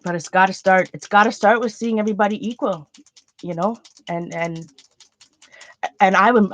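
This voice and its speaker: Woman host, slightly high, rambling and heartfelt casual chat, muffled lo-fi home recording. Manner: earnest, rambling, chatty. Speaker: art channel host. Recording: dull lo-fi sound.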